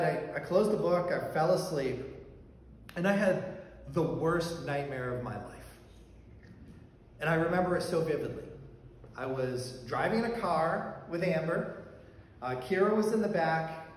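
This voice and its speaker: A male pastor telling a personal story in a sermon, conversational, with fillers and restarts. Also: a little high. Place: church sanctuary. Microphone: handheld or stand mic that fell during talk. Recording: very echoey church hall, faint background noise.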